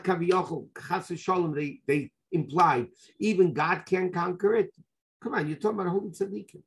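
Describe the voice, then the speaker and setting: A man giving a lively Torah class as a rabbi, telling the story with rhetorical questions and Hebrew and Yiddish terms mixed in. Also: fairly high pitch, gravelly.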